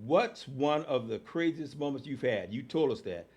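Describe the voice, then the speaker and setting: A man's voice: medium pitch, lively intonation, moderate pace, a little mellow, husky. A man hosting an interview, chatty and playful, often repeating himself as he asks questions. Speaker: host.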